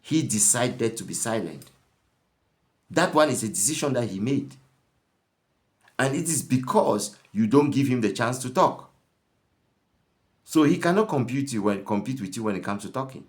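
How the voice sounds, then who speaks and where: A man giving a lesson as a marriage counselor, telling stories with repeated words and restarts. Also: mid-range voice. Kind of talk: lecture with acted scenarios.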